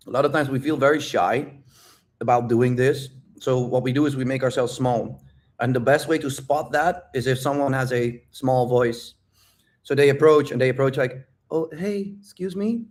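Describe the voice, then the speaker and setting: Speaking in a mid-range voice, a man hosts a live-stream Q&A coaching viewers on dating, and he's blunt, loud, and full of profanity, stressing his points again and again like a drill instructor.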